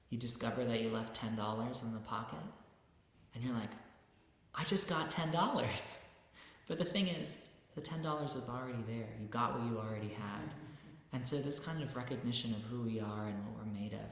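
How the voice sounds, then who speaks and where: Man lecturing in a booming echoey hall. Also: vocal fry. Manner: relaxed, conversational, with many fillers. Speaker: meditation teacher. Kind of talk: spiritual lecture. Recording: very echoey hall, long reverb.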